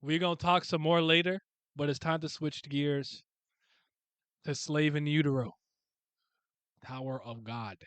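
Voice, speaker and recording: A man's voice: fairly high pitch, fairly even intonation, unhurried, pauses often, fairly bright tone, clear, resonant tone, no room sound. Chatty rambling male streamer. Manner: rambling, stumbling restarts, laughs often. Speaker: livestream host. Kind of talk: casual livestream chat.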